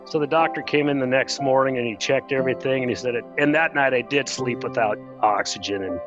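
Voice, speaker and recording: A middle-aged man, an interview guest, telling a personal story in an earnest, plainspoken way and pausing when moved. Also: medium pitch, dull audio, music in the background.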